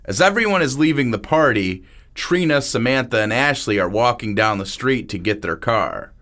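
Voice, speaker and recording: A man narrating a crime story in a plain, unhurried manner. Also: mid-range voice, animated, a bit bright.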